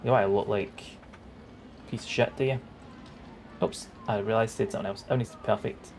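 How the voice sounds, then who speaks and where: A man's voice: fairly low pitch, steady tone, a little fast, slight background noise. A man streaming a game, chatting in an upbeat, casual way and reading text aloud. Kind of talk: casual gaming commentary. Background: game music.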